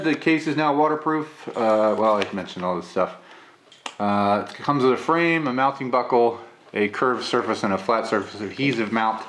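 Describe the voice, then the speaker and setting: A man getting over a cold, with a gravelly voice, chatting casually through a camera unboxing and review, with lots of filler "uh"s. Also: mid-range voice, a little hiss or hum. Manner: relaxed, chatty, many filler "uh"s.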